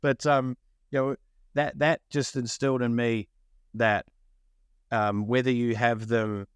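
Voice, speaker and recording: A middle-aged man from New Zealand hosting a podcast, telling a childhood story in a casual, animated way and acting out the people he quotes. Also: medium pitch, unhurried, clear, resonant tone, no echo, clean studio sound. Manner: animated, acts out quoted voices. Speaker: podcast co-host.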